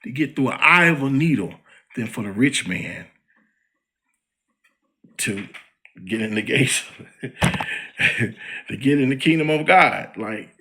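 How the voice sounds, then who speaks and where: A man's voice: mid-range voice, slow pace, pauses often. A man hosting a podcast, giving a slangy, heated commentary monologue aimed at a public figure. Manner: slangy and animated, addressing a celebrity directly. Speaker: podcast host.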